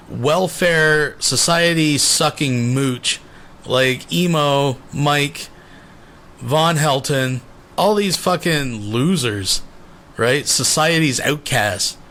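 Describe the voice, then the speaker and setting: A man's voice: a little high, a bit bright. A man hosting a channel, delivering a scornful, profane commentary rant. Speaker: channel host.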